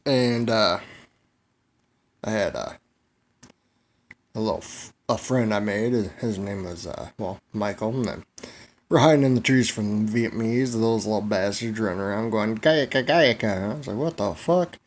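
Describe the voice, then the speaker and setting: A man's voice: lowish voice, normal speed, pauses often, a little hiss or hum. A man vlogging a crude comedic monologue, rambling, swearing freely and laughing at his own jokes.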